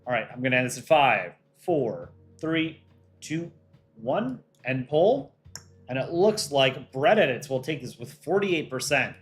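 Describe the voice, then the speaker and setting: A man's voice: medium pitch, lively intonation, a little slow, faint music behind. A man who voices cartoon characters, hosting a casual livestream and reading viewer chat aloud as he runs polls. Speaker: livestream host and voice actor.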